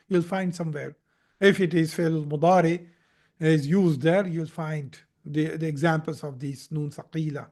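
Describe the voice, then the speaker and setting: A man teaching Arabic grammar in a live recorded lesson. He explains step by step, repeats key points, corrects himself and often checks in with "Okay?". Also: high-pitched. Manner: slow, repetitive explaining with frequent "Okay?" checks and self-corrections. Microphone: recorded in a live video session.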